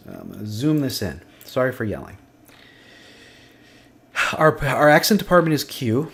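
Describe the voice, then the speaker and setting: A man's voice: medium pitch, very animated, a little slow, gravelly, long pauses, a bit bright. Man muttering through a spreadsheet demo. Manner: thinking aloud, muttering to himself. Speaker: instructor. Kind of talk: screen-recorded spreadsheet demo. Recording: faint clicking and typing behind.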